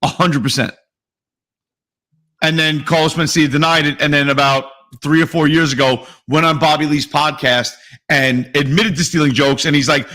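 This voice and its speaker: A man's voice: a little high, fairly even intonation, normal speed, sharp tone. Blunt, swearing podcast co-host man. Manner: blunt, profane, argues emphatically. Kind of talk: casual argumentative chat.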